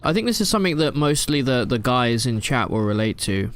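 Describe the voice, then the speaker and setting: A man's voice: medium pitch, very animated, brisk. A man chatting casually while streaming a game live from his room at home, rambling and answering chat with plenty of fillers.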